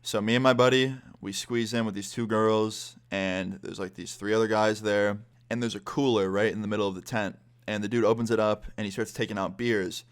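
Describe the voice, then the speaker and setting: A man's voice: on the low side, fairly even intonation, clear, resonant tone. A young man telling a personal story in casual, swear-heavy talk full of "like.". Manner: swears a lot, fast conversational storytelling full of "like". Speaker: vlogger.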